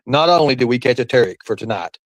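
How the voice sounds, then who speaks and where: A man's voice: mid-range voice, expressive, quick pace, no room sound, rough recording. A man hosting a casual livestream chat in a hyped showman way, swearing freely as he talks with a guest. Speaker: livestream host.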